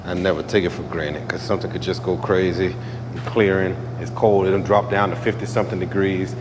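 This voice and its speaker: A man's voice: deep voice, steady tone, fairly quick, background noise. A man working as an automotive painter, talking casually in a shop vlog. He is laid-back, repeats his phrases and often adds "man".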